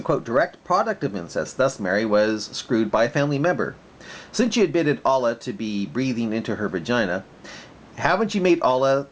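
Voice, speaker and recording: A man's voice: mid-range voice, a little hiss or hum. A man giving casual, argumentative commentary in reply to a critic, often restarting his sentences. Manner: argumentative, repeats himself and restarts. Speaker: video maker replying to a critic.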